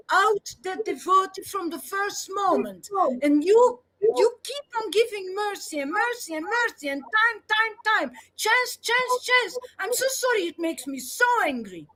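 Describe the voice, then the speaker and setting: Very high-voiced woman, pleading and agitated. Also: animated, measured pace, a bit bright, poor audio.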